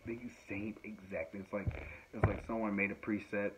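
A man who is a musician and podcast host talks casually from home at a moderate pace, in a fairly low, level voice. He rambles, with many fillers and laughs. The recording has a dull lo-fi quality and faint noise.

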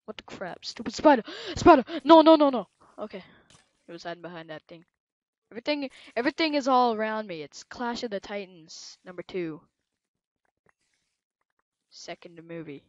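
A woman giving casual commentary while playing a video game, excitable and quick to shout at things on screen. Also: medium pitch, vocal fry, dry recording, muffled recording. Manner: excitable, bursts into yelling at the game. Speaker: gameplay commentator.

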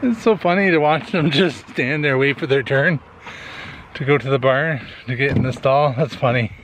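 A man's voice: mid-range voice, moderate pace, noisy background. A man, chatting casually as a vlogger at a horse barn. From Canada. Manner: chatty, explains as he goes. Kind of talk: casual vlog talk.

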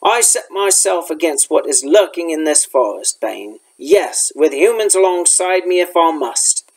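A man reading aloud, voicing a noble, protective young male centaur with a raised, forceful delivery. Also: on the high side, big pitch swings, measured pace, full character voice, rough recording. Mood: angry.

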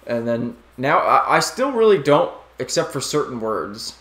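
A man's voice: medium pitch, big pitch swings, a little slow, fairly bright tone. A man from New Jersey chatting casually while playing a video game, rambling and joking. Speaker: let's play co-host. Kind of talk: casual gameplay chat. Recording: echoey room with faint game music.

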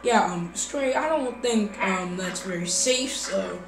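A woman voicing every character in a game role-play story, hesitant and full of fillers, breaking into excited shouts. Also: medium pitch, normal speed. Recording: roomy recording over game music.

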